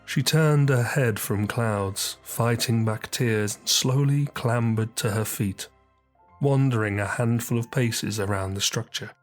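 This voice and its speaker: A man reading an audiobook story as narrator, measured and descriptive. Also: medium pitch, soft background music.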